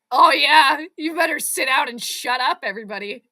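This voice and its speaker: A woman hosting a live watch-along sports commentary, chatting with viewers and breaking into excited, frustrated outbursts. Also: high-pitched, moderate pace, few pauses. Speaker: fan channel host.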